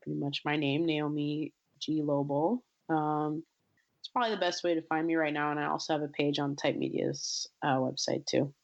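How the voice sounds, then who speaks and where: A woman interviewed as a guest writer, speaking thoughtfully and hesitantly with many pauses and restarts. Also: sits low, fairly even intonation, vocal fry, dull audio. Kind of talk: casual interview chat.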